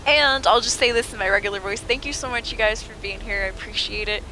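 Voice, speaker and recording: A woman streaming a video game, chatting to viewers and excitedly shouting at characters. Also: on the high side, fast, a little hiss or hum. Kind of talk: live gameplay commentary.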